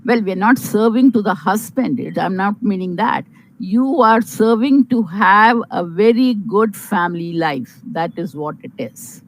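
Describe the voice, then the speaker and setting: Slow, earnest Indian woman advising. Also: mid-range voice, a little hiss or hum, poor audio. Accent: Indian English. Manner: earnest, measured, motherly advice with fillers. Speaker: guest advising on marriage. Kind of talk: advice talk to young unmarried women.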